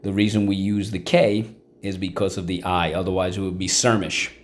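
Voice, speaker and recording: A man's voice: low-pitched, level tone, a little fast, slight background noise. A male teacher giving a vocabulary and phonics lesson, encouraging and checking in often with the class. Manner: encouraging, checks in with frequent "okay?".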